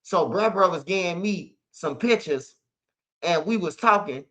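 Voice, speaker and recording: A little slow but with lively intonation, the street news host's voice sits high with a sharp tone. He tells a loose, slangy, profane, emphatic story in a casual monologue, heard on dull lo-fi audio.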